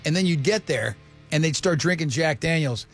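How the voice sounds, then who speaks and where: A man's voice: a little high, animated, normal speed, faint music behind. A middle-aged man hosting a radio talk show, joking and bantering with his co-hosts. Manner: joking, does mocking voices of others. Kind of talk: casual banter.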